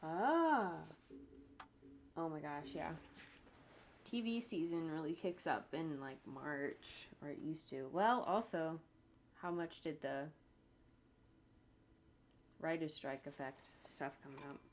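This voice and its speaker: A woman's voice: sits low, expressive, measured pace, pauses often, slight background noise. Woman animator thinking aloud. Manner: thinks aloud, rambling, chatty asides. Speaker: animator streaming her work. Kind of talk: casual livestream talk while working.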